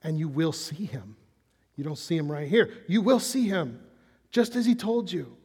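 A man preaching a sermon as pastor, telling the story with animated energy and dropping to soft, intense tones on key points. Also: on the high side, normal speed, slightly rough, long reverb tail.

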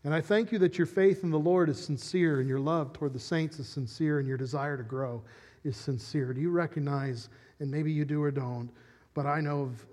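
Male pastor, sermon, earnest teaching, high voice, reverberant sanctuary. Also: a little mellow. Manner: earnest teaching with frequent restarts. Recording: reverberant hall.

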